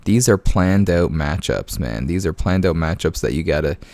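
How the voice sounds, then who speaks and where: A man's voice: low-pitched, expressive, normal speed, a little mellow, no room sound. A man hosting his gaming channel from home late at night, chuckling through casual commentary and keeping his voice down. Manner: easygoing, chuckling, peppers talk with "man"; keeps voice down so as not to wake the house. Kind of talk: casual game commentary and storytelling.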